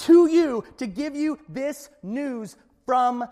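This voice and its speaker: A preacher voicing an indignant angel. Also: male voice, very high voice, lively intonation, slow pace, dark tone, big-room sound, full character voice. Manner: emphatic, affronted. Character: indignant male angel messenger.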